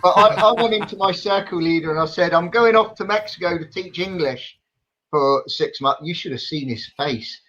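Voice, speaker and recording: A man's voice: high-pitched, normal speed, a bit bright. A man telling stories as a guest in a casual discussion. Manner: anecdotal, storytelling. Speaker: guest medium. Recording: dull lo-fi sound.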